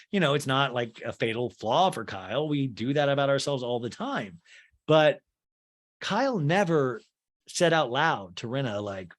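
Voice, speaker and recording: A man hosting a comedic TV recap podcast, animated and profane, acting out quotes. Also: a little high. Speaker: podcast host.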